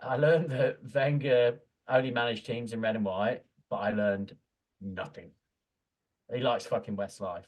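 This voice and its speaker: A man's voice: mid-range voice, fairly even intonation, a little slow. A man co-hosting a casual comic podcast about books, ranting and swearing in mock outrage. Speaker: podcast co-host. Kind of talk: casual comic book-review chat.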